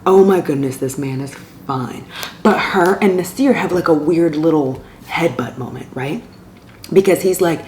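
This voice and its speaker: A book vlogger casually and animatedly retells a romance novel's plot, sometimes dropping to near-whispers. Her low, slightly mellow voice moves at normal speed in an echoey room with faint ambient noise.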